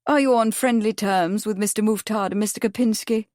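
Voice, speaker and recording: A woman's voice: medium pitch, brisk, darkish tone, no echo, studio quality, natural voice. A woman voicing a polite, probing male barrister questioning a witness in an audiobook. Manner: courteous, mild, precise questioning.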